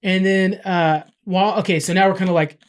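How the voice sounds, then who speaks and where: Rambling, excitable man recapping a story. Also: high-pitched, fairly quick. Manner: rambling recap with many fillers and restarts; excited, gushing. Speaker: podcast host recapping a comic. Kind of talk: casual chat.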